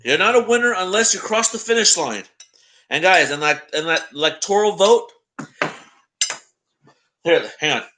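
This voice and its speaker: A man's voice: high voice, lively intonation, moderate pace, pauses often, bright, forceful tone. A young man hosting a casual live stream, chatting to his viewers and greeting them by name. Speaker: live-stream host reacting to election coverage.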